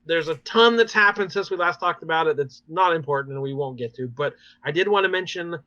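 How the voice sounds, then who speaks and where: A man hosts a casual podcast chat, his voice on the high side and bright, almost tense. He recaps episodes in a lively, rambling way, full of fillers and little laughs. The recording is dry and dull, like a lo-fi mic. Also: a little fast, dry recording. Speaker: podcast host.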